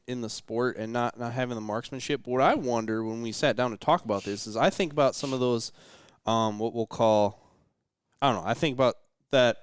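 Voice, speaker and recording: Lively-pitched man musing casually. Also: clean tone, dry recording, studio quality. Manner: reflective, hedging with fillers. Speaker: podcast guest. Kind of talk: late-night casual chat. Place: indoors in a rental house.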